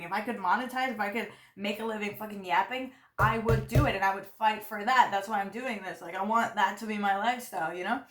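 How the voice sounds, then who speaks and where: A woman's voice: medium pitch, fairly bright tone, roomy sound. A young woman telling a story in a casual vlog chat, rambling and full of fillers while she chews her food. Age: young adult. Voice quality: loose, rambling, heavy on "like" fillers. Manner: chatty, talks while chewing food. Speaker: vlogger.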